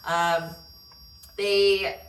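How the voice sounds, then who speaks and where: A woman's voice: fairly low pitch, level tone, very slow, slight background noise. A woman giving a casual spiritual tarot reading, rambling with many fillers and checking in with "okay?". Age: adult. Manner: laughs while telling stories. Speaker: tarot reader. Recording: roomy echo, distant mic.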